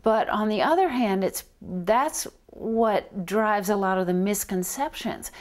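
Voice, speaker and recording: A middle-aged woman who researches reading answers interview questions in a measured, explanatory way, spelling out letters as examples. Her voice is medium in pitch.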